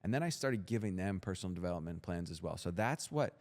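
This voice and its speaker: A man's voice: low-pitched, lively intonation, fast talker, darkish tone. A young man as a podcast guest, telling his story in a blunt, profane, intense motivational way. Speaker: guest entrepreneur.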